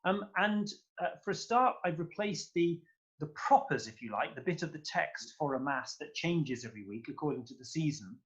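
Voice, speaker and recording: A man's voice: fairly high pitch, animated, moderate pace, fairly bright tone, muffled recording. A man chatting as a guest conductor in an interview, effusive and rambling, with lots of fillers. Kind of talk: casual interview chat.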